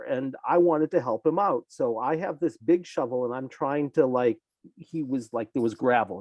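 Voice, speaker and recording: Older guy psychologist telling a therapy story, acts out the quotes, mid-pitch voice, dry sound. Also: dry recording, lo-fi sound. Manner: animated storyteller, acting out clients' lines. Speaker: clinical psychologist guest. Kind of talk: case story told in a conversation.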